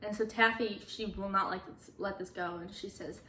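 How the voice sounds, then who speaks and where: A woman chatting through a movie recap at a middle pitch, casual and talkative. She keeps slipping into quick quotes of the characters. Her voice carries a roomy echo. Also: fairly even intonation, bright, forceful tone, slight background noise. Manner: chatty, quotes characters with "she's like", laughs now and then.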